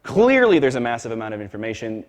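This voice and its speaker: A man's voice: medium pitch, sing-song, fast. Emphatic man teaching Sunday school. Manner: emphatic, repeats words and restarts, addresses the class directly. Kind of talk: church Sunday school lecture. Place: church classroom.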